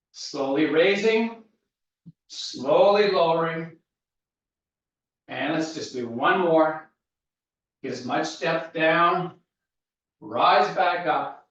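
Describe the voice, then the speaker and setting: Breathing hard, a man with a slightly high voice leads a guided workout, giving calm, steady instructions. He sounds distant and dull in an echoey room.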